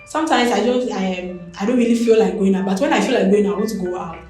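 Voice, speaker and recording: A woman's voice: mid-range voice, quick pace, soft background music. Ghanaian woman telling her story, echoey room. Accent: Ghanaian English. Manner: animated, expressive storytelling with many fillers. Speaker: interview guest. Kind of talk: personal storytelling.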